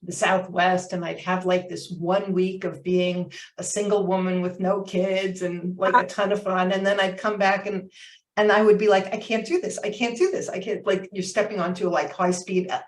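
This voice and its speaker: A woman's voice: lowish voice, level tone, moderate pace. A woman in her fifties, a coach, telling her story as an interview guest in an earnest, reflective way, with many fillers.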